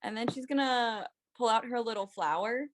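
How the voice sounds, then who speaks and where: A woman's voice: a little high, moderate pace. A woman playing a tabletop game, chatting casually with many fillers. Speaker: player.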